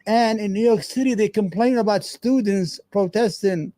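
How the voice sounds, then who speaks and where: A man's voice: sits high, moderate pace, mellow, no room sound. A man hosting a show, giving heated, profane, rambling commentary on a news clip. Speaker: show host.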